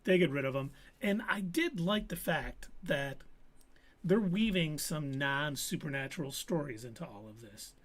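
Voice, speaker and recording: A man's voice: fairly high pitch, moderate pace. A man hosting a live stream, casually recapping a TV episode and acting out quotes from the characters. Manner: animated storytelling with acted quotes. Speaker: podcast host.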